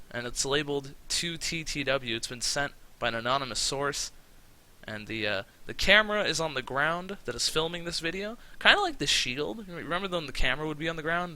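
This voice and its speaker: A man narrating a game in casual let's-play style. His voice is very bright and forward. He talks in an excitable, profane way. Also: on the high side, poor audio. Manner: excitable and profane, with frequent fillers. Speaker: game commentator.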